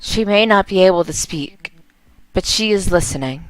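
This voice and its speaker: A woman voicing a calm female psychic who speaks in a measured, solemn way. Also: on the low side, dry recording, soft background music, natural voice, low-quality recording.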